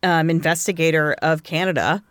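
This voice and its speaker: A woman in her forties trades stories on a casual podcast. She talks loosely with lots of fillers and pops her pitch up to act out what others said. The sound is close and dry. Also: fairly even intonation, normal speed, no room sound. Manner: chatty storyteller, acts out quotes with big pitch jumps. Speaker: podcast co-host. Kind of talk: casual chat.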